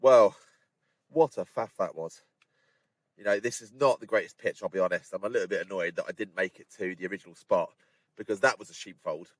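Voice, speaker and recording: Low-voiced chatty hiker outdoors. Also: male voice, fairly quick, dry recording. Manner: chatty, addresses viewers directly, relaxed asides. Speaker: hiking vlogger. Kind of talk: casual talk to camera. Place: outdoors on windy fells at a campsite.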